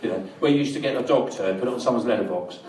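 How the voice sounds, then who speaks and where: A middle-aged man from England doing a live stand-up set, rambling and deadpan, in a small comedy venue. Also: medium pitch, rapid-fire. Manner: dry, rambling, deadpan with crowd laughter. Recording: roomy live venue, distant mic.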